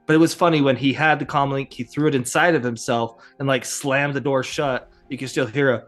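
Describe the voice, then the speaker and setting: Over soft background music, a man hosts a laid-back podcast, talking fairly quickly in a mid-range voice with fairly even intonation. It's casual chat, rambling and full of fillers and little chuckles.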